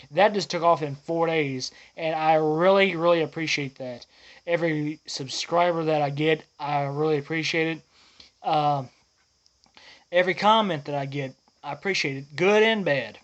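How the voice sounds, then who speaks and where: Man, slightly high voice, earnest, rambling vlog host, dull lo-fi recording. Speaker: channel host. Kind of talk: casual vlog update.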